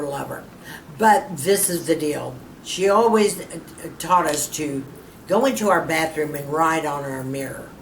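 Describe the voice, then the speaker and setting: A mature woman in her fifties talks to her viewers as a beauty vlogger, chatty and encouraging, and keeps calling them girlfriend. Her voice sits a little low and comes from a slight distance. The room gives it a noticeable echo over faint background ambience. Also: vocal fry, slight background noise. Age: 50s. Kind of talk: casual advice to camera.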